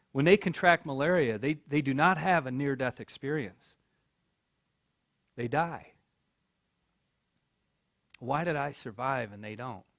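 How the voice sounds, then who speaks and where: A man's voice: medium pitch, gravelly, fairly bright tone. A middle-aged man giving a storytelling speech as keynote speaker at a college, earnest, repeating words when he gets stirred up. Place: college hall.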